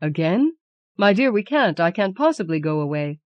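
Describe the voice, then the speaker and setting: A woman's voice: on the low side, sing-song, moderate pace, darkish tone, dry recording, muffled recording. Lady narrator doing a tired husband dodging questions, hesitant, pleading, dry close sound. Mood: evasive. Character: weary, evasive middle-aged husband. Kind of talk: audiobook reading.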